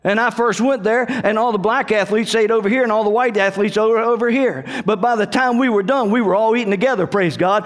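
Fervent high-voiced preacher man. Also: fast talker, hardly any pauses. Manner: fervent preaching with rising, emphatic calls. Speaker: pastor. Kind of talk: sermon.

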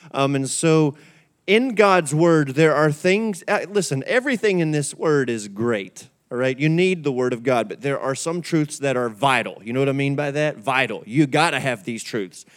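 A man's voice: mid-range voice, animated, normal speed. A male pastor preaching a conversational midweek sermon in church, repeating key words and calling on the congregation to answer. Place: church sanctuary.

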